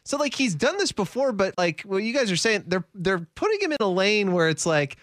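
A man co-hosting a casual sports talk show, animated and full of "like" fillers as he quotes people. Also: high voice, fairly quick, few pauses, dry recording, clean studio sound.

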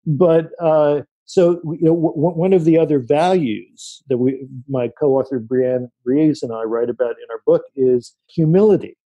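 Man, author guest, very dark mellow voice, dry close sound, storytelling. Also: a little high, measured pace, hardly any pauses, dry recording, dull audio. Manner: anecdotal, animated when quoting people. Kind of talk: storytelling interview answers.

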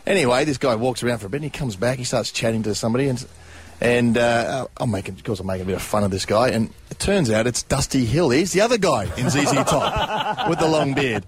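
A man's voice: mid-range voice, fast. A man telling a rambling anecdote as a guest on talk radio, chuckling and correcting himself as he goes. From Australia. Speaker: guest storyteller.

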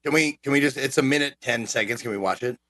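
A man's voice: medium pitch, fast, sharp tone. A man co-hosting a casual podcast chat about games, eager and full of questions. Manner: eager, questioning, stumbles over words. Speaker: podcast co-host.

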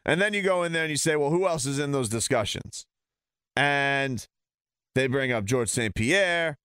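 A man's voice: mid-range voice, lively intonation, moderate pace, a bit bright, clear, resonant tone, no echo, clean studio sound. A man ranting heatedly and sarcastically as a sports talk host.

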